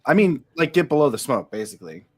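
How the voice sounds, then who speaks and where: A man's voice: mid-range voice, very animated, fast, darkish tone, breathy edge. A man playing a tabletop game, talking casually and swearing now and then. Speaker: player. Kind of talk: casual play talk.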